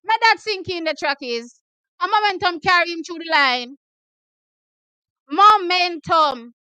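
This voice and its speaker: A Jamaican woman hosts a live watch party, reacting to sprint races as they unfold. Her voice sits very high and sounds bright and sharp. She breaks into cheers and repeated excited shouts, recorded close and dry. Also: moderate pace, dry recording.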